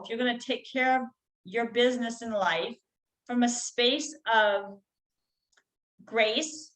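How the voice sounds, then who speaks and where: A middle-aged woman guest on a podcast, talking in an earnest coaching tone and slowing down to stress key phrases. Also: on the high side, a bit bright, poor audio. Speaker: guest healer. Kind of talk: conversational podcast interview.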